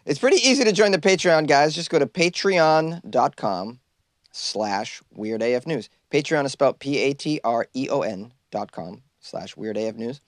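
A man hosting a comedy news podcast, cracking jokes and riffing between readings. His voice sits at an ordinary middle pitch. The sound is very dry and close, as in a small closet. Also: animated, moderate pace, dry recording. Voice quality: jokey, riffs and laughs at his own lines. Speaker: podcast host.

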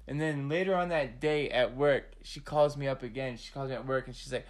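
A man's voice: medium pitch, a little fast, hardly any pauses. A man co-hosting a casual podcast chat, loose and laid-back, with a lot of swearing. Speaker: podcast co-host.

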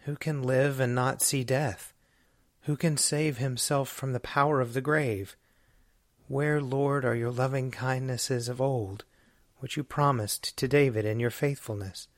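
A man recites psalms in a measured, solemn way. His voice sits at an ordinary middle pitch. The sound is close and dry, with no room around it. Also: fairly even intonation, dry recording. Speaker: scripture reader. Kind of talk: liturgical reading of psalms.

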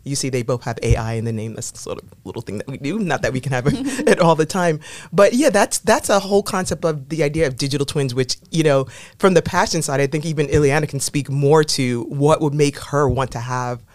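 A woman's voice: low-pitched, fairly quick, darkish tone, no room sound. A woman guest on a podcast talking casually, chatty and full of fillers and restarts. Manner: chatty, many fillers and restarts, laughs often. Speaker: podcast guest, innovation lead. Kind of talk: casual interview talk.

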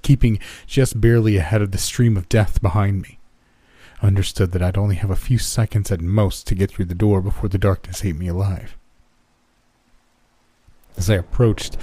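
A man reading a first-person horror story in a steady, measured scripted narration. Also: on the low side, no room sound.

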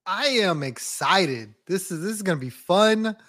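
A man co-hosting a casual baseball podcast, relaxed and jokey. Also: sits high, a little slow. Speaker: podcast co-host.

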